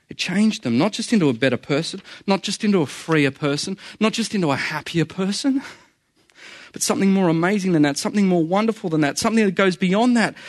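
Male preacher, slightly high voice, earnest conversational sermon, dry close sound. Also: no echo.

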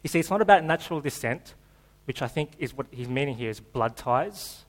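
A man's voice: medium pitch, animated, fairly quick, rough recording. A man preaching a sermon in a church, in a casual, joking, conversational way. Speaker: pastor.

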